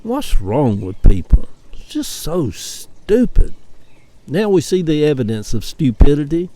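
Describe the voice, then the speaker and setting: A man's voice: fairly high pitch, very animated, measured pace, mellow. A man from Atlanta with a Southern US accent, talking in a chatty, opinionated monologue with wry rants. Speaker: vlogger. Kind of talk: casual personal monologue.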